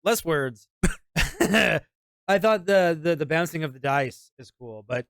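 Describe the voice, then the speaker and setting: A man's voice: fairly high pitch, animated, unhurried, gravelly, a bit bright, no echo. A man co-hosting a casual movie review podcast, laid-back and profane. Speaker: podcast co-host.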